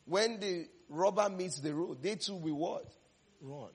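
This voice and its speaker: Husky-voiced man preaching a lively sermon. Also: high voice, measured pace. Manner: animated, repeats words, laughs between phrases.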